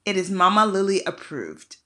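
A woman's voice: mid-range voice, moderate pace, noisy background. A young woman from the United States, hosting her own podcast and chatting casually, acting out the quotes as she tells a story. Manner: animated storyteller who acts out quotes. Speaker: podcast host. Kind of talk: casual monologue.

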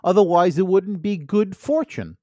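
A wisecracking man co-hosts a comedy podcast, slipping in cheeky innuendo and mock offense. His voice sits fairly high. The close mic sounds dry and dead. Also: normal speed, warm tone, dry recording. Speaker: podcast co-host. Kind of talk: joking banter.

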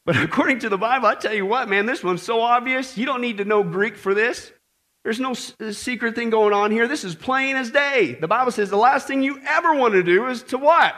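A man preaching a sermon as pastor before a congregation, animated and joking with the people as he reads and comments on scripture. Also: sits high, normal speed.

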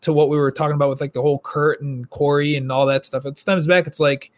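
A man co-hosting a gaming podcast, chatting casually and telling stories with animated asides. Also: a little high, fast talker. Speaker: podcast co-host.

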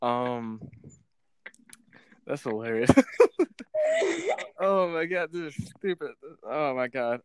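A man's voice: mid-range voice, expressive, slow, long pauses, clear, resonant tone, dry recording. A young man hosting a podcast in a rambling, giggly casual chat, swearing freely. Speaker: podcast host.

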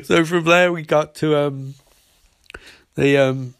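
A man's voice: on the high side, fairly even intonation, takes it slowly, fairly bright tone, smooth, no echo. Sarcastic, profane man in a dry recording. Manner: sarcastic and profane, loose rambling delivery. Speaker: TV episode reviewer. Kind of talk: casual recap and review.

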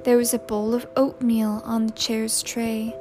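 Slow, higher-voiced woman narrating a novel. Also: level tone. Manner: measured, unhurried storytelling. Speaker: audiobook narrator. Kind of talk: scripted narration. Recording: loud music under the narration.

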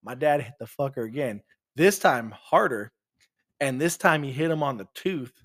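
A man's voice: mid-range voice, normal speed. A man co-hosting a podcast, telling a rowdy story in casual chat, swearing freely and acting out the voices of the people in it. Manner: animated storyteller, swears a lot, acts out voices. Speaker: podcast co-host.

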